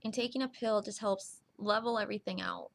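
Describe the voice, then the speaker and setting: A young woman vlogging straight to the camera in an earnest, reassuring way, speaking slowly with small restarts. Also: medium pitch, steady tone, vocal fry. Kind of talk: heartfelt direct-to-camera vlog.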